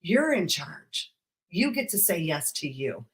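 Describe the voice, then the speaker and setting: A woman business coach giving an emphatic, sassy, high-energy motivational talk straight to her viewers in a live stream. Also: big pitch swings, a little slow.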